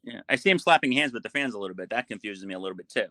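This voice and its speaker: Male guest, bright forceful voice, dry close sound, puzzled and questioning. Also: fairly low pitch, expressive, racing, no echo. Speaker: podcast guest. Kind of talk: casual chat.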